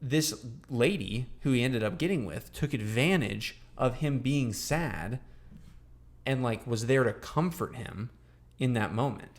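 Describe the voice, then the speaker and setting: Young guy on a podcast, rambly, lots of ums, middle-pitched voice. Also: measured pace. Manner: rambling, many fillers and restarts, animated. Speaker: podcast co-host. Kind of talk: casual chat.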